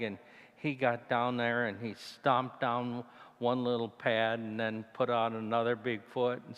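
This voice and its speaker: Speaking from the pulpit in a church with long, ringing reverb, a deacon of Italian heritage slowly shares a personal mission story. His male voice stays mid-range and animated, jumping way up as he recalls fear before dropping low and hushed. The tone is clean.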